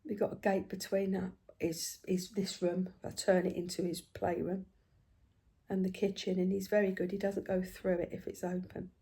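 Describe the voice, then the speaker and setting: A woman's voice: lowish voice, normal speed. Chatty older woman storyteller. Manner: chatty, animated storytelling, dropping to hushed asides. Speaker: craft vlogger. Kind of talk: casual storytelling while stitching.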